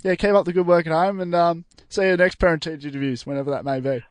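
A young man with an Australian accent, co-hosting community radio. His voice sits fairly high and sounds dry and close, and he tells rambling stories full of ums, often giggling. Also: steady tone, fast talker, dry recording. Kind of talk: casual banter.

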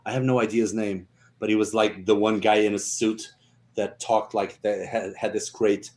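A man from Portugal with a Portuguese accent, a stunt performer guest telling animated stories in casual podcast chat, laughing often. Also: on the low side, moderate pace. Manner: animated storyteller, laughs often, acts out quotes.

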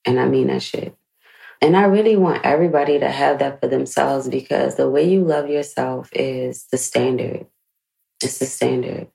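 Deep gravelly woman, candid and frank. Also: moderate pace, warm tone, low-quality recording. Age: 30s. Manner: emotional, frank, swears freely. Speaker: podcast host. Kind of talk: candid personal reflection.

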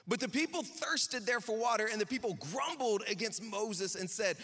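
A man delivers a sermon in a relaxed, conversational way, tossing off jokes to his listeners between points. His voice sits high and bright. A long reverb from a large hall trails each phrase. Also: normal speed, few pauses. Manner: casual, chatty preaching with jokey asides. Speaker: pastor.

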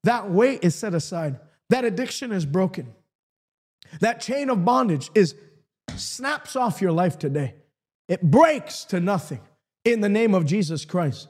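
A man preaching a broadcast sermon, fervent and building to shouted declarations. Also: high voice, sing-song, normal speed, husky.

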